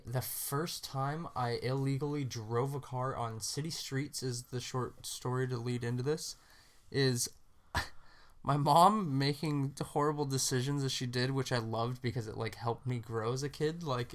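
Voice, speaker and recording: A young man from Southern California in his twenties shares a story on a friends' podcast. He talks in a middle pitch. He starts slowly, stumbling and restarting before he finds his thread. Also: fairly even intonation. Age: 20s. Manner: hesitant, many fillers and restarts. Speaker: podcast co-host. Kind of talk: casual storytelling chat.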